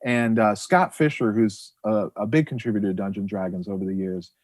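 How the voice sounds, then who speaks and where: A middle-aged man chatting on a podcast as a guest, telling stories in an animated, rambling way with many restarts. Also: fairly low pitch, brisk, dry recording. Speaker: guest author and illustrator. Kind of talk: casual podcast chat.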